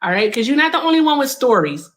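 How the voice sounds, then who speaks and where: Combative, blunt woman host, lively voice. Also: high voice, fast talker. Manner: combative, blunt, cuts in with commands. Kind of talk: heated debate.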